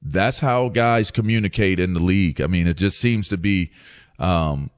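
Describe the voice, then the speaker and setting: A man's voice: low-pitched, moderate pace. Joking male sports radio co-host. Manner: joking, repeats catchphrases. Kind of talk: casual sports radio banter.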